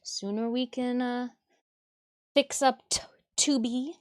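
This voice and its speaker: Speaking slowly in a slightly high voice with a steady tone, a Michigan cosplayer streams her costume build from an indoor craft workspace. She chats casually with viewers, mutters to herself, and laughs frequently.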